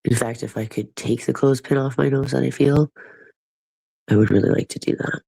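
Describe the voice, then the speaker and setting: A man's voice: mid-range voice, steady tone, brisk, vocal fry, mellow, husky, rough recording. A man chatting casually with his livestream viewers, rambling and profane, with a stuffy nose.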